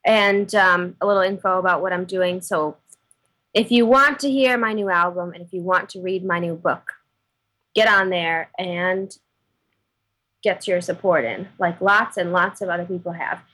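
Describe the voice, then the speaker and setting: A woman's voice: on the low side, moderate pace, pushed and bright, poor audio. Woman in her 30s on a podcast, friendly playful chat about her music. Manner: playful, goes along with the jokes. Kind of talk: casual chat.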